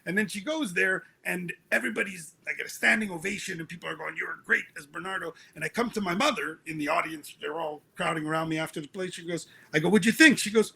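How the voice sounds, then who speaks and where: A middle-aged man, an author being interviewed, speaking reflectively in halting, restarting phrases, with a husky voice. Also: sits high, sharp tone. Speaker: author guest.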